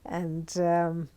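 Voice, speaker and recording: An older woman telling anecdotes in an oral history interview, lively and given to dropping into hushed asides. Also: on the low side, clean tone. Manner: anecdotal, lively, drops to a near-whisper on asides. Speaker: interviewee recounting her career as a journalist.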